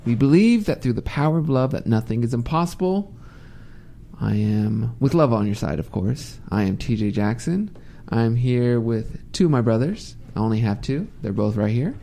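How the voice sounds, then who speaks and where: Radio host guy, mellow dark voice, easygoing and jokey, bit of faint hiss. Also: medium pitch, moderate pace, gravelly. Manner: relaxed, laughs easily, teasing. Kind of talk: live talk radio chat. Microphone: studio mic.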